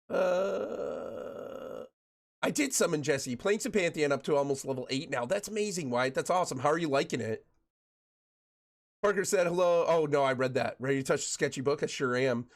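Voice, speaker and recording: A man streaming a game, joking and greeting viewers by name, while getting over a chest cold that makes him cough. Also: mid-range voice. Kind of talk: casual chat with viewers while gaming.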